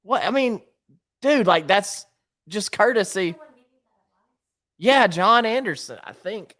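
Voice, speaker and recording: A woman's voice: medium pitch, lively intonation, slow pace, fairly bright tone. A woman co-hosting a live show, chatting in a casual, offhand way. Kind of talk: casual chat.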